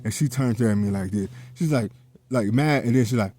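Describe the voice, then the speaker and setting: A man's voice: mid-range voice, normal speed, warm tone. A man telling a personal story in a casual, heated monologue, swearing often and repeating himself as he goes.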